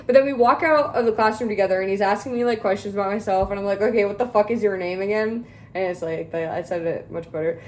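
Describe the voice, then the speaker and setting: A woman's voice: medium pitch, fast talker, hardly any pauses, darkish tone, slight background noise, rough recording. A young woman in her twenties telling a rambling story in casual chat while cooking at home, full of filler words and swearing. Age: young adult. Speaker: vlogger. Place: home kitchen.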